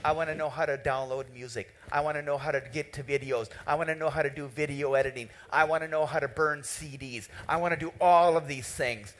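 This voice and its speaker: A man giving a conference keynote in a hall, telling a story with lively quoted dialogue. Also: on the high side, a little fast, few pauses. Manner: animated, tells a story and quotes the people in it. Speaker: keynote speaker.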